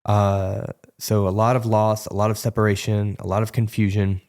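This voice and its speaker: A man's voice: fairly low pitch, flat delivery, moderate pace, darkish tone. A man in his thirties giving a frank, conversational recovery testimony as an interview guest, often acting out remembered dialogue.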